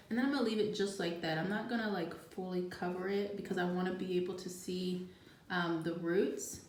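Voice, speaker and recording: An easygoing woman with a fairly low voice talks through a gardening how-to. She speaks in a relaxed, chatty way and thinks aloud as she goes. The sound is roomy and echoey, with a faint hum behind her. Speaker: gardening channel host. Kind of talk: casual how-to chat. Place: home kitchen. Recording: echoey room with faint background noise.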